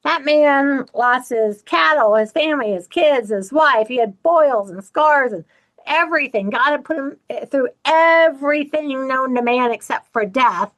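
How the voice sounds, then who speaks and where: A middle-aged woman hosting her own channel, talking candidly to viewers and acting out other people's lines in an animated way. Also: sits high, measured pace, low-quality recording. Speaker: channel host. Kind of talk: personal talk to camera.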